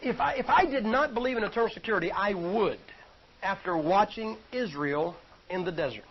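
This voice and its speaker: A man's voice: high voice, animated, a little fast, slightly rough. A man preaching a sermon in a folksy, joking, conversational way. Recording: dull lo-fi recording.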